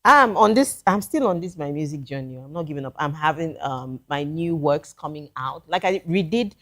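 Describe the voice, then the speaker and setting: A woman's voice: deep voice, lively intonation, normal speed, fairly bright tone. Earnest Nigerian woman. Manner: earnest, advising, with restarts. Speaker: guest musician. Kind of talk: casual talk-show chat.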